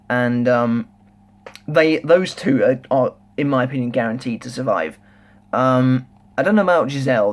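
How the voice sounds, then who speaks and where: Young man, casual manga review, rambling, excitable, lots of ums and restarts. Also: mid-range voice. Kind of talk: casual solo review chat.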